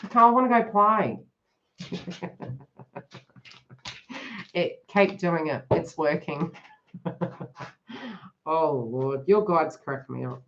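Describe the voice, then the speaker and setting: A woman's voice: sits low, slow, long pauses, slight background noise. A woman reading cards on a live stream, chatting to viewers by name and laughing often. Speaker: tarot reader hosting a live stream. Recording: dull lo-fi live stream audio.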